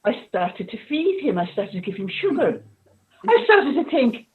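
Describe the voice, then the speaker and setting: A woman doing stand-up in a put-on Irish accent over a video call, wry and halting, with a mock-sad tone. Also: a little high, big pitch swings, phone-quality sound. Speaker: stand-up comedian. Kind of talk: deadpan lockdown stand-up.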